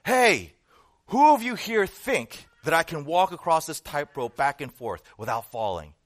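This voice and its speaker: A man voicing a bold male tightrope walker who shouts challenges to a crowd in a retold story. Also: medium pitch, expressive, quick pace, dry recording, pitched below the performer's own voice. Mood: challenging. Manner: loud challenging calls to a crowd.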